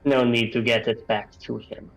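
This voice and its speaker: A man's voice: medium pitch, flat delivery, normal speed, vocal fry, poor audio. Hesitant man at a game table. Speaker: player. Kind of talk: in-character tabletop role-play.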